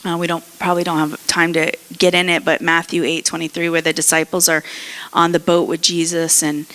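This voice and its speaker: A woman's voice: fairly low pitch, little pitch movement, brisk, a bit bright. A woman pastor preaching a conversational sermon, often acting out the people in the story. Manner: conversational preaching, acts out characters' voices.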